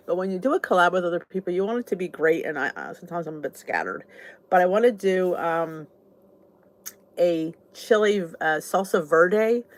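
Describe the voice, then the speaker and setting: A woman from southern New Jersey with a South Jersey accent, chatting casually and rambling on a live stream as host of her weight-loss channel. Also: fairly low pitch. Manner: chatty, rambling, greets viewers.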